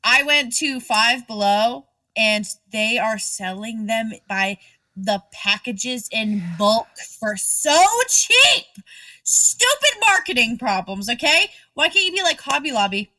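A woman's voice: fairly high pitch, sing-song, takes it slowly, sharp tone, no room sound, far from the mic. A woman co-hosting a podcast in casual chat, joking and blunt, swearing freely. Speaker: podcast co-host.

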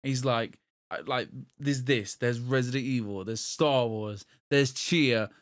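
A young man co-hosts a laid-back podcast about video games, rambling, restarting often, and laughing at his own jokes. His voice is mid-range and his pace unhurried.

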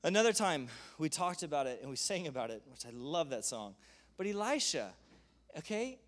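Animated, high-voiced male preacher. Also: moderate pace. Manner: animated storytelling, laughs often. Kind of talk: sermon.

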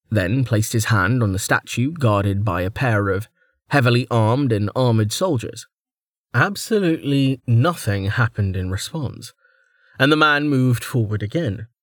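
A man reads an audiobook in a steady, measured way, his voice of middling pitch. The recording is close and dry, with no room sound behind him. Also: dry recording. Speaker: audiobook narrator. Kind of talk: scripted narration.

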